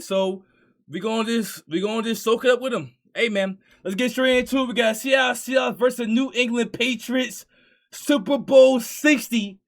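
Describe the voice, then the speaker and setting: High-voiced young guy doing a football reaction, slangy, ranting, loud bursts. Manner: excitable, ranting, slangy, often shouting. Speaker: sports reaction host. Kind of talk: animated sports reaction commentary.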